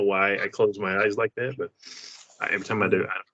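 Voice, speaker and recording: Low, gravelly, husky man. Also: level tone, brisk, bright, forceful tone, dull audio. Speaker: podcast co-host. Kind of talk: casual movie review chat.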